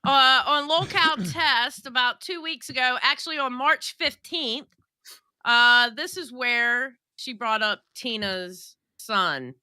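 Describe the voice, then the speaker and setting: A woman's voice: high-pitched, slow pace, sharp tone, no echo. A woman in a casual streamed chat, talking expressively, with her voice swooping when she quotes.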